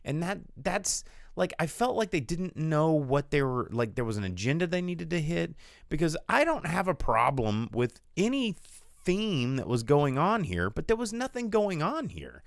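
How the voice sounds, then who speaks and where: A man's voice: on the high side, normal speed, creaky, no echo, studio quality. Man ranting through a crude film review. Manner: rambling, crude, animated storytelling. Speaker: podcast host and film reviewer. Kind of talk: casual film review chat.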